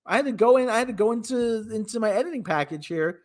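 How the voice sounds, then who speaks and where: A man's voice: high-pitched, lively intonation, fast. A man hosting his show, giving rambling, sarcastic, wisecracking commentary in a casual movie review. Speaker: host.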